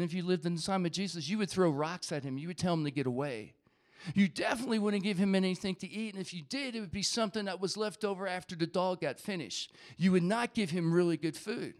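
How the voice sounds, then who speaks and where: A man preaching a sermon, reading scripture aloud and acting out the voices of the crowd. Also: high-pitched.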